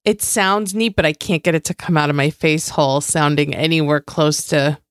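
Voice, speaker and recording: Joking low-pitched woman podcast co-host. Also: steady tone, normal speed, no room sound, clean studio sound. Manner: joking, self-deprecating, swears casually. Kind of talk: casual chat.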